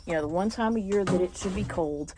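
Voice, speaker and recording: A young woman vlogging casually, rambling with many fillers and restarts and clearing her throat now and then. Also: lowish voice, a little fast, noisy background. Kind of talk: casual personal monologue.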